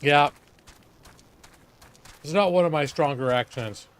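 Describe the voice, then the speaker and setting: A man's voice: a little high, slow, clear, resonant tone. A man chatting casually on a live game stream, joking and self-mocking.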